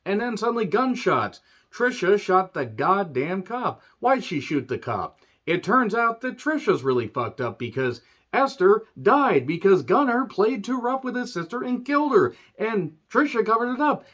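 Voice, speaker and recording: A man ranting through a movie recap, sarcastic and profane, often clearing his throat. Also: on the high side, sing-song, unhurried, a bit bright, lo-fi sound. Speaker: movie reviewer.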